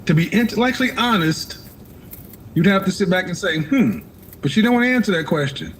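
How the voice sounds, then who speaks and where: A man hosts a live call-in advice show and lectures his callers bluntly. He cuts them off and pushes them to answer. His voice sits a little high, over faint background noise. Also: animated, fairly quick, a bit bright.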